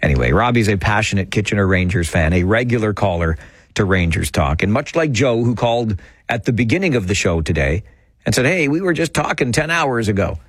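A man's voice: lowish voice, expressive, a little fast, slightly rough, dry recording. A middle-aged man hosting a call-in radio show, chatty and joking at his own expense. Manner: chatty, self-deprecating, joking. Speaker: radio talk show host. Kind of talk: casual call-in radio chat. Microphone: studio microphone.

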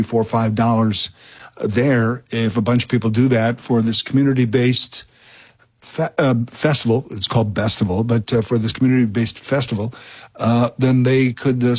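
A man filling in as radio host, chatting and telling a story in a rambling, self-interrupting way that grows animated. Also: medium pitch. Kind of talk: casual radio talk and storytelling.

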